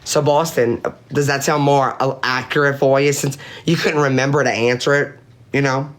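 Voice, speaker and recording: A man's voice: medium pitch, steady tone, unhurried. Blunt, profane man recounting online drama. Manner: blunt, profane, reads chat messages aloud; emphatic, repeats points for effect. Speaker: panelist on a live-stream panel.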